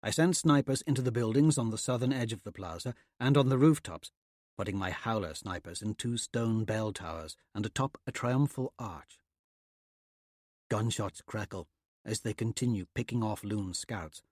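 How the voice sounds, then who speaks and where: Measured male audiobook narrator. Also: on the low side, darkish tone, dry recording, studio quality. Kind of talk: scripted narration.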